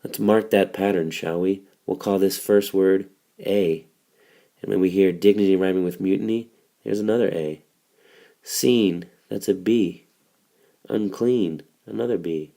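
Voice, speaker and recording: A man's voice: deep voice, unhurried, vocal fry, dark tone. A man teaching a recorded literature lesson, explaining step by step in a casual way.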